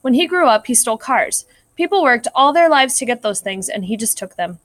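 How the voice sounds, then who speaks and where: A woman's voice: fairly high pitch, animated, a little fast, no room sound, lightly acted. A woman voicing a dutiful male clerk of a heavenly court, reporting sins in a matter-of-fact way in a read-aloud story.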